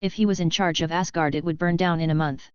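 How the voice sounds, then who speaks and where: A blunt, knowing female ally in a novel audiobook, voiced by a woman narrator. She speaks in a plain, matter-of-fact way with a smooth, clear voice. The sound is dry and slightly dull. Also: lowish voice, fairly even intonation, quick pace, darkish tone, no room sound, lightly acted.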